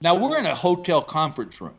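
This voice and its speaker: A man from Texas, a stand-up comedian telling animated stories about his gigs in a casual chat. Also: fairly high pitch, fast, vocal fry, slightly rough, lo-fi sound. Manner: animated storyteller, acts out quoted voices.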